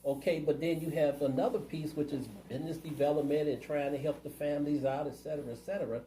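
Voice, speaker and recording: A man's voice: fairly high pitch, fairly even intonation, fast talker, warm tone, roomy sound, slight background noise, rough recording. A man running for city council, answering interview questions in a plainspoken, earnest way. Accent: Ohio. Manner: earnest, plainspoken, community-minded.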